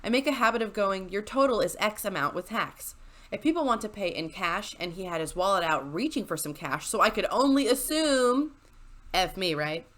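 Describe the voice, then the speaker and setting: A woman's voice: medium pitch, lively intonation, fairly quick, fairly bright tone. A woman narrating a story into a desk microphone, chatty and sarcastic, with frequent laughs between lines. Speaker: YouTuber reading stories. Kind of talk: storytelling with asides. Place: home desk with squeaky chair.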